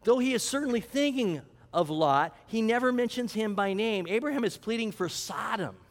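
A man's voice: high voice, lively intonation, normal speed, big-room sound. A man preaching a sermon to a congregation, teaching from the text and asking them questions. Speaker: pastor.

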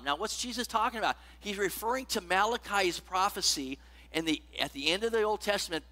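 A man's voice: sits high, expressive, brisk, sharp tone. A man preaching a sermon in a conversational way, often checking in with the congregation and reading scripture with rising emphasis. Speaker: pastor.

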